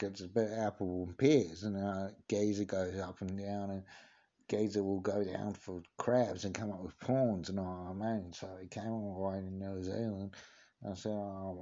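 A swaggering, foul-mouthed cockney geezer, as a man puts him on for a comedy podcast. His voice sits low and mellow, and he rambles through endless filler phrases. The recording sounds dull and lo-fi. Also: natural voice. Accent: Cockney, put on. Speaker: podcast host. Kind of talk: comic impression monologue.

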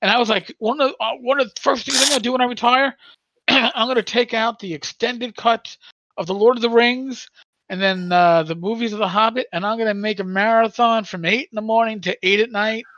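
A man's voice: very high-pitched, steady tone, brisk, bright, forceful tone, dry recording. Rambling older man, dull dry sound. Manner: rambling, stammering storyteller with many restarts. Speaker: podcast co-host. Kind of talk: casual chat.

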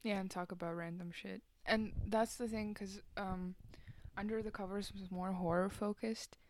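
A woman's voice: mid-range voice, fairly even intonation, normal speed, a little mellow. A nineteen-year-old woman co-hosting a podcast in casual chat, swearing lightly and trailing off with fillers. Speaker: podcast co-host.

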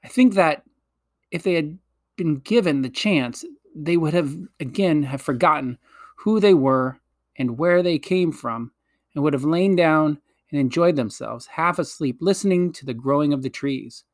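A man narrating a children's fantasy story in a gentle, measured storytelling manner. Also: a little high, dry recording, clean studio sound. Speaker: audiobook reader.

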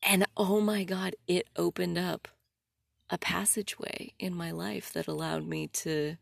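A woman's voice: lowish voice, steady tone, a little slow, vocal fry, no room sound, studio quality. A young adult woman hosting her own podcast, talking candidly and animatedly in a casual solo monologue, laughing often and swearing now and then. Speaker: podcast host.

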